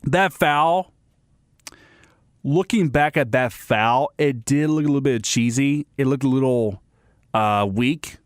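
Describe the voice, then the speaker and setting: A man's voice: medium pitch, slow pace, smooth, dry recording, clean studio sound. A man hosting a sports radio segment, giving blunt, ranting opinions and often restarting and repeating himself.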